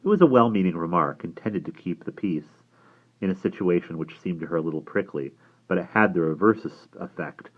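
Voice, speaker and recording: A man reading a novel aloud as a storyteller, with a lively, expressive delivery. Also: sits low, brisk. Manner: lively storytelling reader who raises his voice for characters. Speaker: audiobook reader. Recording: tinny phone-like sound.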